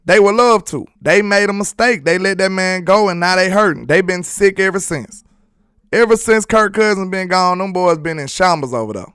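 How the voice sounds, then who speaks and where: A man's voice: sits high, normal speed, a bit bright, clear, resonant tone, no room sound, studio quality. A man hosting a casual sports live stream, reading viewer comments aloud in a loose, slangy, repetitive way and laughing often.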